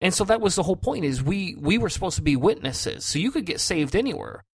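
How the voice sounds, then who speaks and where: A man's voice: high voice, very animated, fast talker, husky. A man co-hosting a podcast, telling a long personal story in a loose, conversational way. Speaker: podcast co-host. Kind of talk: casual chat.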